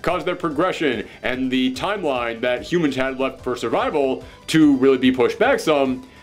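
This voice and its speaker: A man giving casual commentary as a comic book reviewer, animated and incredulous as he recaps the story. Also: mid-range voice, moderate pace, soft background music.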